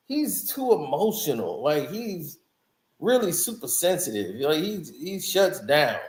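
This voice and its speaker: High-voiced man, laid-back mocking commentary. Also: sing-song, measured pace, reverberant. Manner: laughs often, mocking asides. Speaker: music reviewer vlogger. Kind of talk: casual opinionated commentary.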